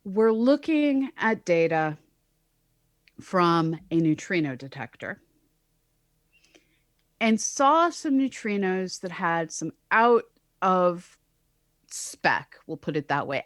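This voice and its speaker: A woman's voice: lowish voice, sing-song, slow, long pauses, dry recording, studio quality. A woman co-hosting a casual science podcast as an astronomer, explaining with wry, sarcastic asides. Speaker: co-host, astronomer.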